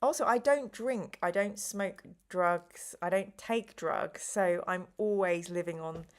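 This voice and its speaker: A middle-aged woman hosting a live stream, chatting casually and a little slowly because she is tired, with rambling asides and apologies. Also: lowish voice. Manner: slow, rambling, chatty with frequent ums and apologies. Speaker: live stream host running a gamebook play.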